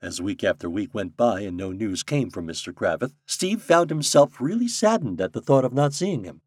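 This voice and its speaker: A man reading a story aloud as narrator in a calm, storytelling manner. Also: fairly low pitch, normal speed, dry recording, clean studio sound. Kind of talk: audiobook narration.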